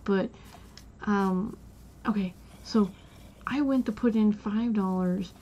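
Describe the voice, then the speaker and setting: A woman's voice: medium pitch, takes it slowly, dark tone, dull audio. A woman streamer chatting casually while playing a game, telling a rambling story full of "like" and restarts.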